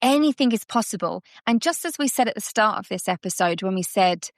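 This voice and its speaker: A woman guest on a podcast, a subconscious coach who explains ideas in a lively way and acts out little scenes. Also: mid-range voice, fairly quick, no room sound, clean studio sound. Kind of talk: conversational coaching talk.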